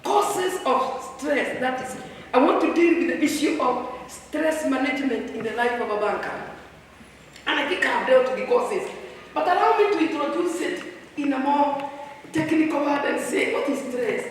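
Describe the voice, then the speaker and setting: A woman giving a lively workshop talk to staff at a retreat, teasing and quizzing her audience. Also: high-pitched, moderate pace, a little hiss or hum. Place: large hall with an audience. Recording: echoey hall, distant mic.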